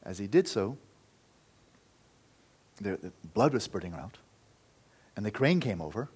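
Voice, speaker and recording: A man giving a Buddhist dharma talk, telling a story in an earnest, loose way that often falls quiet. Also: on the low side, big pitch swings, a little slow, slightly rough. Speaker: Buddhist teacher.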